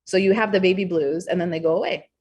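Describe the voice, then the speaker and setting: A young adult woman talking candidly as a podcast guest, expressive and blunt, swearing freely. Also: lowish voice, fast, husky. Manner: frank, expressive, swears freely, acts out quoted thoughts. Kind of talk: candid interview conversation.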